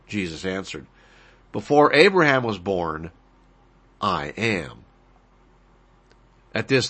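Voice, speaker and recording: A man's voice: fairly low pitch, pushed and bright. A man preaching a sermon, explaining Bible verses and Greek words with rising emphasis on key lines. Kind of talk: sermon, expository Bible teaching.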